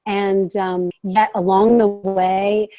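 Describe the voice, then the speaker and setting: An American woman, a counselor by trade, talks as a podcast guest in an eager, reflective manner. Her voice sits at a medium pitch with a mellow, darker tone. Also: little pitch movement, slow pace, lo-fi sound. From United States. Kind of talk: casual podcast conversation.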